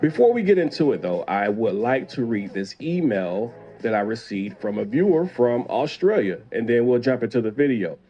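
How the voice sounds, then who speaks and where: Commentary host, man, dark mellow voice, lo-fi sound with faint music under. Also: mid-range voice, sing-song, normal speed, few pauses. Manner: conversational, opinionated, reads viewer email aloud. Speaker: host, former police officer. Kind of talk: casual commentary.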